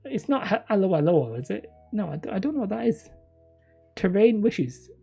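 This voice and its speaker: A woman's voice: medium pitch, sing-song, moderate pace, creaky, dark tone, slightly rough, soft background music. A woman hosting a casual livestream, reading viewer comments in a rambling, self-deprecating way and laughing often. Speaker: livestream host.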